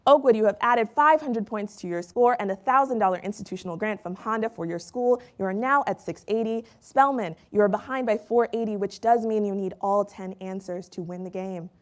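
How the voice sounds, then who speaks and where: A woman hosting a quiz show, reading questions in a crisp, brisk way. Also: medium pitch.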